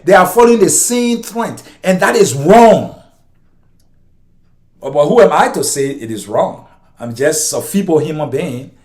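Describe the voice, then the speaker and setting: A man with a Liberian accent and a notably high speaking voice rants passionately about his country's politics. He talks straight to his subscribers, repeating lines for emphasis as his feelings rise. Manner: impassioned, ranting, repeats himself. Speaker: vlogger. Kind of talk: political commentary monologue.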